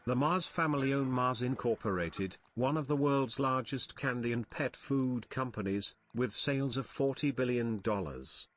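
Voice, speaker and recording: A male text-to-speech voice reading out viewers' chat messages in a flat synthetic manner. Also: medium pitch, normal speed, few pauses.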